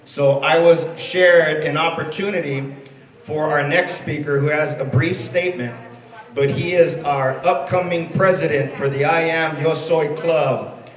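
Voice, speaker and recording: A man's voice: on the high side, steady tone, measured pace. A man emceeing a college ceremony, introducing speakers and mixing in Spanish words. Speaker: master of ceremonies. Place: event space at a college. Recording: echoey room from far off.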